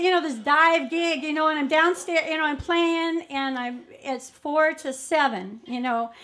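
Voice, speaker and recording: A woman's voice: sits high, a bit bright. A woman telling a true personal story live, chatty, laughing often between lines and acting out what people in the story said.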